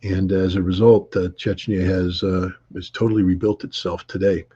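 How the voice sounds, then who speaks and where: Husky low-voiced guy rambling thru a travel story, lots of ums, dull lo-fi audio. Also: level tone, normal speed, dark tone. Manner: rambling anecdotes with many fillers and restarts. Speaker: interview guest. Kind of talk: conversational storytelling.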